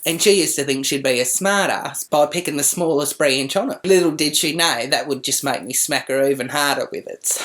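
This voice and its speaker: A man's voice: fairly high pitch, moderate pace, fairly bright tone, close to an everyday voice. A man playing a brash, blunt middle-aged Australian mother in a comic vlog monologue, speaking crude and matter-of-fact.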